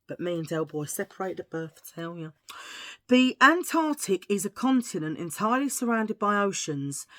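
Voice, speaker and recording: A British woman talking to her camera in a casual haul video, chatty and rambling, cracking self-mocking jokes as she goes. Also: lowish voice. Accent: British English. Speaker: vlogger.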